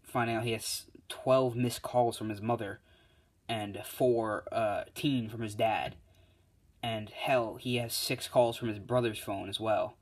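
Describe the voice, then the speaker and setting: A man's voice: on the low side, steady tone, measured pace. A man casually retelling a fan-made story as a YouTuber, rambling with lots of fillers and self-corrections.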